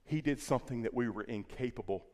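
A pastor preaching an Easter sermon, swinging from hushed lines to loud, repeating phrases for emphasis. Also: male voice, medium pitch, fast, in a large hall. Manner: impassioned, swinging from quiet to loud, repeating words. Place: church sanctuary.

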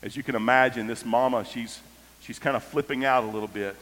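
A man preaching an animated storytelling sermon, swinging between loud exclamations and quiet asides, in a large church hall. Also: mid-range voice, brisk. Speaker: pastor. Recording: echoey hall.

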